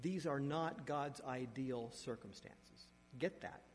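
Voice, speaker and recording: A man preaching a sermon, reading scripture aloud and adding asides, with sharp shifts in loudness and emphasis. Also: mid-range voice, slow, slight background noise. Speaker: pastor. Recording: long reverb of a large hall.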